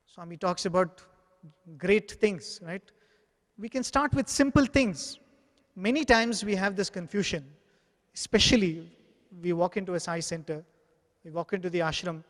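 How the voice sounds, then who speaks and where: A man's voice: high-pitched, normal speed, pauses often, fairly bright tone. A man giving an earnest devotional talk, telling anecdotes and acting out the dialogue in them. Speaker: spiritual speaker. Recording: long hall reverb.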